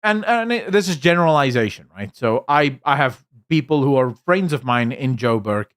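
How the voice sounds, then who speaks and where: A man's voice: medium pitch, expressive, moderate pace. A man talking bluntly in a casual livestream, rambling through opinions with frequent fillers and restarts. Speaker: streamer.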